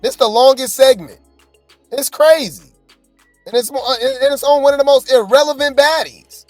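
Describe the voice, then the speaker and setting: A woman's voice: high voice, steady tone, moderate pace, darkish tone, no room sound. Woman reaction host, aave, chatty and opinionated, dry close sound, faint music behind. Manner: chatty, opinionated, addresses viewers directly. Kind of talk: casual reaction commentary.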